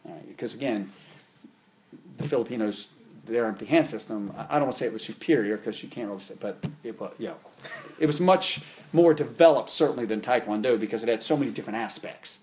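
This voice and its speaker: A fast-talking middle-aged man with an everyday mid-range voice tells long stories in a relaxed interview, where he's the guest and a martial arts instructor. He rambles, restarts often, uses fillers, and climbs in pitch and volume when excited.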